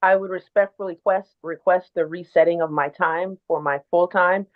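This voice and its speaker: Deep-voiced woman testifying over a phone line. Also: steady tone, moderate pace. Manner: formal, emphatic. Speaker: neighborhood commissioner. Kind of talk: public hearing testimony.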